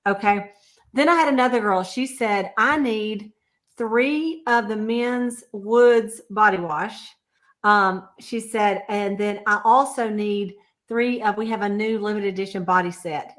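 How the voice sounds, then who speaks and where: A woman's voice: mid-range voice, steady tone, unhurried. A woman chatting casually on a video call, telling customer stories and laughing often. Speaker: sales consultant. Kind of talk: casual livestream chat.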